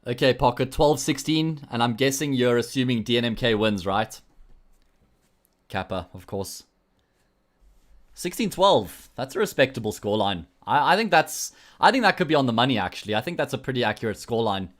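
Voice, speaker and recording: A man's voice: mid-range voice, animated, moderate pace. A man with a South African accent casting an esports stream on his own, with a jokey, rambling manner, chatting with viewers between matches. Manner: jokey, rambling banter with frequent restarts. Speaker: esports caster. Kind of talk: solo livestream commentary, chatting with viewers.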